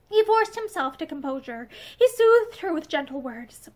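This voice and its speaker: A woman reads a novel aloud in a room lined with bookshelves. Her voice sits very high, gentle and expressive, and it drops to a soft whisper in the tender passages. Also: normal speed, hardly any pauses. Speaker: audiobook reader. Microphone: camera facing her.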